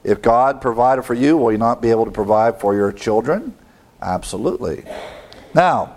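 Male preacher, mid-pitched, conversational Bible teaching with rhetorical questions. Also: expressive, darkish tone. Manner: reads scripture aloud quickly.

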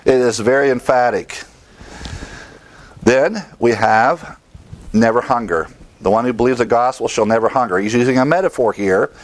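A man giving an emphatic Bible teaching, his voice sitting in a middle pitch. He throws questions at the listeners and answers them himself, lifting his voice on the key words. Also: normal speed, pauses often, poor audio.

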